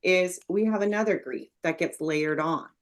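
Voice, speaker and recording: A middle-aged woman with a low voice hosts a conversational interview podcast. She explains her thoughts in a reflective way and becomes animated when she recounts a story. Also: normal speed. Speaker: podcast host.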